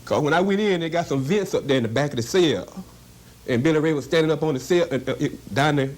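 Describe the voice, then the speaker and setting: A man's voice: a little high, fast talker. A man recounting an old arrest, retelling the dialogue line by line. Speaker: former defendant recounting arrest. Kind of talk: emotional first-person recollection.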